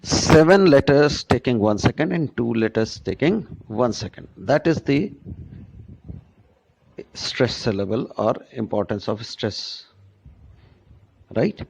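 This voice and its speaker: Slow-speaking man teaching pronunciation. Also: medium pitch, lively intonation, gravelly, a little mellow, slightly rough. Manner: slow, deliberate, repeats and checks with "right?". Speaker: English teacher. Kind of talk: classroom lecture on pronunciation.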